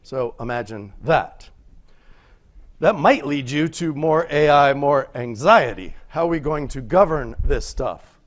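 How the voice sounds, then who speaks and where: A man's voice: mid-range voice, animated, a little slow. A man giving a conference talk in a conversational way, often asking rhetorical questions and checking in with "right?". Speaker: conference speaker. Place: lecture room.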